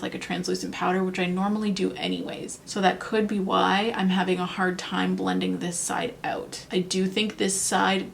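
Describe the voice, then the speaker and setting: A woman's voice: mid-range voice, vocal fry, a little hiss or hum. A young woman chatting casually in a makeup review vlog, thinking aloud and second-guessing herself. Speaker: beauty vlogger.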